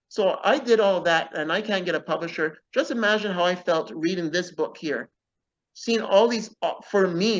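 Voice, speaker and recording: A man's voice: high voice, moderate pace, fairly bright tone, lo-fi sound. A man being interviewed as an author, talking earnestly and often tagging his points with "okay?". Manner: earnest, keeps adding "okay?" as a tag. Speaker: author guest. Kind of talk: casual interview talk.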